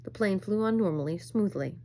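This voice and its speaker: A woman reading a novel aloud at a measured pace, with occasional small slips. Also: mid-range voice, animated, warm tone. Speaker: reader.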